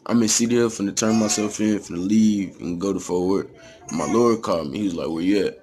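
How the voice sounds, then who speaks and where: A man's voice: on the low side, brisk, a little mellow, slight background noise. A young man from Texas with a Texas accent, telling a story in a casual, slangy, profane way.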